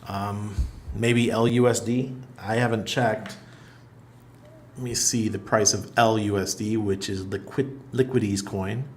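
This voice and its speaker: A man's voice: lowish voice, steady tone, measured pace, slight background noise. A middle-aged man hosting a casual livestream, reading viewer comments aloud in a loose, chatty way and laughing often. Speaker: livestream host. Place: apartment in Panama.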